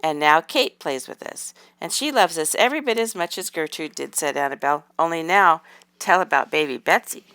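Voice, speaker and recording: A woman's voice: low voice, expressive, a little fast, a bit bright, smooth, dry recording. A woman reading aloud, voicing a curious, insistent little girl doll in a storybook. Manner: eager, pressing questions.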